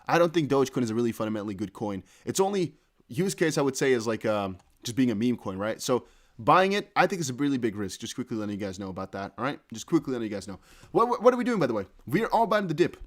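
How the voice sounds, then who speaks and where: A man hosting a casual live crypto news stream, excitably thinking aloud as he reads viewer chat and posts. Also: medium pitch. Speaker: crypto news livestream host.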